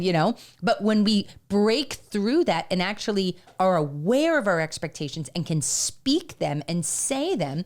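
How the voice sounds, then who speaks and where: Woman, 50s, podcast co-host, candid, animated storyteller, quotes herself and others. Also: medium pitch, measured pace, hardly any pauses. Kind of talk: casual conversation.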